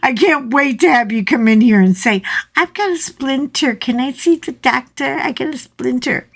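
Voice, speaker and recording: A woman's voice: sits high, normal speed, vocal fry, voice pushed up. A woman voicing an amused, friendly male doctor who teases his patient. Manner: jovial, teasing.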